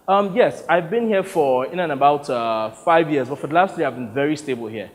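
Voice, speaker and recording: A man's voice: on the high side, brisk, few pauses, long reverb tail. A Nigerian man with a Nigerian accent, performing a wry one-man theatre monologue. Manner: wry, storytelling, expressive. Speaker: solo stage performer narrating.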